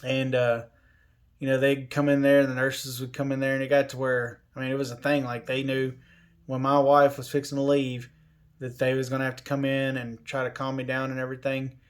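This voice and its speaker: A man tells a personal story casually, in an unhurried way. He drifts through fillers and restarts and quotes the people around him. His voice sits at an ordinary middle pitch. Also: completely flat delivery. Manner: unhurried, lots of fillers and restarts, quoting others. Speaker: covid survivor telling his story.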